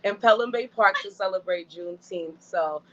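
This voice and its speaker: A woman's voice: mid-range voice, normal speed, a bit bright. A woman guest chatting casually and laughing easily in an interview. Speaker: guest event organizer. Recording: dull lo-fi sound.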